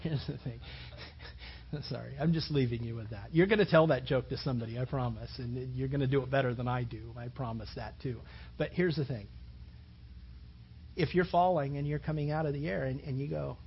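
A man's voice: medium pitch, steady tone, brisk, husky, muffled recording. A man preaching a sermon in a conversational way, repeating words and building to emphatic points. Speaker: pastor.

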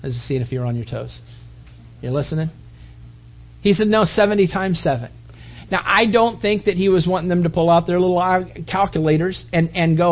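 A man's voice: high voice, fairly quick. A man preaching a sermon, telling stories animatedly and acting out voices and sound effects. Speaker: pastor. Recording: dull lo-fi recording.

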